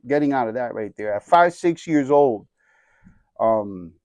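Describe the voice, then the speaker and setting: Animated forty-something man telling a story. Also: mid-range voice, a little slow, no room sound. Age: 40s. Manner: animated storyteller, acts out the voices of people in his story; streetwise slang. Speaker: guest sharing his testimony. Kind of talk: casual storytelling.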